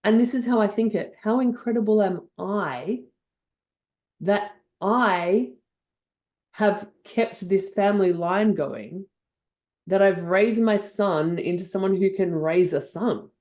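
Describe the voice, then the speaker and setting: An older woman with an Australian accent, a guest on a podcast interview, telling stories in an effusive, animated way. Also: mid-range voice, slow pace. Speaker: guest NLP trainer.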